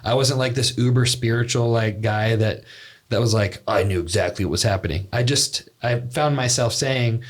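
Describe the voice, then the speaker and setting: A young man on a podcast tells a long story in a relaxed, rambling way, full of fillers and restarts. His voice sits at an ordinary middle pitch for a man. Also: moderate pace. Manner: rambling, filler-heavy, laughs at own story. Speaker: podcast co-host. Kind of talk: casual storytelling chat.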